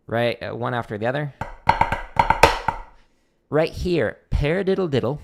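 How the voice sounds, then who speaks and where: A man with a fairly high, gravelly voice gives a casual drum lesson on a practice stream from his home practice room, talking through rhythms and singing them out with syllables. He's unhurried and relaxed, pausing often and thinking aloud with fillers. Loud drumming and clicks play behind his voice.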